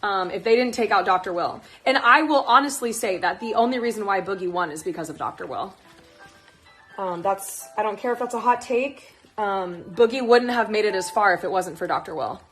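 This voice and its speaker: A young woman chatting casually on a phone livestream, excitable and gushing, swearing freely as she talks about her favorite players. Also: medium pitch, fairly quick, faint music behind. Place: at home, moving plants indoors.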